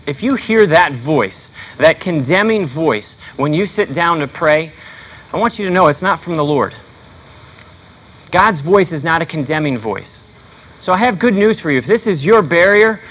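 A man's voice: high-pitched, bright, forceful tone, rough recording. A male pastor preaching a sermon in an earnest, conversational way with frequent fillers.

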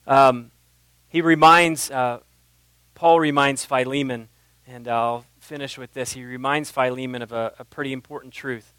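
A man in his thirties preaching a sermon in a church, moving between quiet, intimate asides and loud, impassioned passages. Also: mid-range voice, fairly even intonation, a little slow, clean tone, no room sound, rough recording. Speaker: pastor.

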